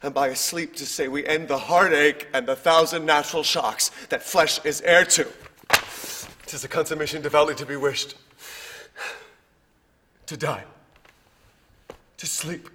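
An actor playing a brooding young prince, reciting verse in a measured, rhythmic stage delivery. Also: male voice, on the high side, steady tone, sharp tone, long reverb tail, slight background noise. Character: brooding young prince weighing life and death.

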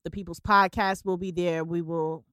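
Low-voiced woman podcast co-host. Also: moderate pace, smooth, no room sound, studio quality. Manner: relaxed, upbeat, filler-heavy talk. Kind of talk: casual chat.

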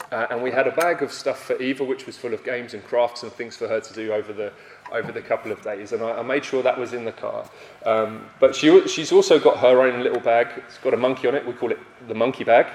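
A young man giving a sermon, telling a story at his own expense with halting restarts before turning to the point. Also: mid-range voice, slight background noise. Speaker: preacher. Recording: echoey hall with long reverb.

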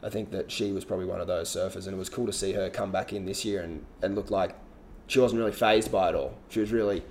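A man chatting casually about competition surfing, relaxed and rambling, with frequent restarts. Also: low voice, quick pace, slight background noise. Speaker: surf analyst guest. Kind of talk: casual podcast chat.

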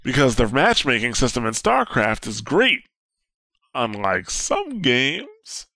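A man chatting casually about video games on a podcast, animated and laughing often, with casual swearing. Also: mid-range voice, slow, no echo, clean studio sound. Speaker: podcast co-host. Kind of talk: casual gaming chat.

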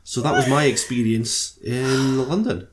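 A man's voice: mid-range voice, unhurried, background noise. A middle-aged man from Scotland with a Scottish accent, telling a story in casual, self-mocking, sweary podcast chat. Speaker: podcast co-host.

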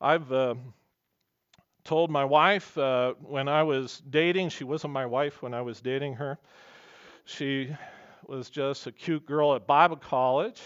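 A man's voice: mid-range voice, fairly even intonation, takes it slowly, a bit bright, clear, resonant tone, no echo, dull audio. A man preaching a sermon as pastor, earnest and emphatic, weaving in personal stories.

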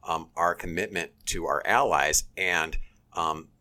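A very deep-voiced man co-hosts a podcast, delivering dry sarcasm in a flat, unhurried way. He hedges with frequent ums and halting restarts before landing the joke. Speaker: podcast co-host. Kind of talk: casual sarcastic banter.

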